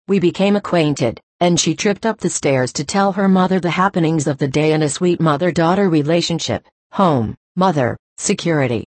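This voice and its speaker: A woman reading a religious address aloud in an earnest, measured, exhorting manner. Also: on the low side, no room sound. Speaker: speaker reading a church address.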